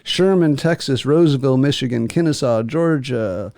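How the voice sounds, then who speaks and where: A podcast co-host with a gravelly, medium-pitched voice speaks at a normal speed, rambling and joking as he reads out listener locations and shout-outs. The studio-quality recording has no room sound.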